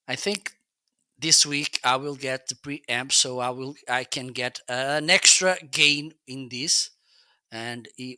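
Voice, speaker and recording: Heard dry and close through a dynamic studio microphone, this man's medium-pitched voice sounds pushed and bright. He hosts a casual product review livestream, talking freely, restarting often, and tossing in "okay?" again and again.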